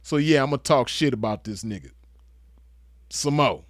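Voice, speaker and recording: A man's voice: mid-range voice, normal speed, no echo, studio quality. A man giving a casual commentary rant, crude, emphatic and lecturing. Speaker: online commentator.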